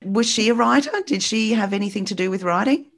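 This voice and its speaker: A woman interviewer on a video call who asks questions and gives warm, brief encouraging reactions. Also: medium pitch, fast talker. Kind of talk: casual interview.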